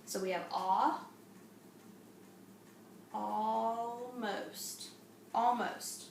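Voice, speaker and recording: A woman teaching an early reading lesson to young children, with a slow, patient and encouraging classroom tone. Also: a little high. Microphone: camera a few steps away. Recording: echoey room from a distance, faint hum.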